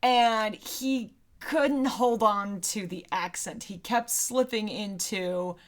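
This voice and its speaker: Woman podcast co-host, casual movie chat, animated, laughs easily, mid-pitched. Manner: animated, laughs often, quick asides.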